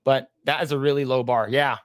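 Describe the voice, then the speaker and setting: A man's voice: mid-range voice, fairly even intonation, a little fast, no echo, studio quality. A man co-hosting a casual livestream podcast, reading chat comments aloud in a laid-back way and laughing often.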